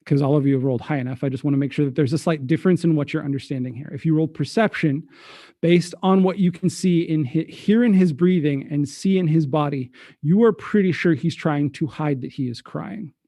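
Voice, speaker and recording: A man narrating as game master for a tabletop game, relaxed and a little hesitant. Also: a little high, a little fast, dry recording, studio quality.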